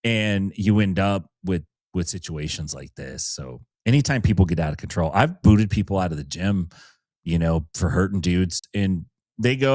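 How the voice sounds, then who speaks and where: A low, expressive male voice, slightly mellow, at a normal pace with no room sound. He co-hosts a grappling podcast as a jiu-jitsu coach, chatting casually and wryly, joking and laughing as he talks.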